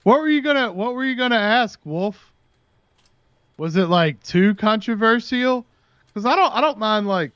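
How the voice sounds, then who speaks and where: A man's voice: fairly high pitch, a bit bright, clean tone, dry recording. Casual rambling male streamer, lo-fi mic. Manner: rambling storytelling, talks to his dog between stories. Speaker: livestreamer. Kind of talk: casual chat with stream viewers.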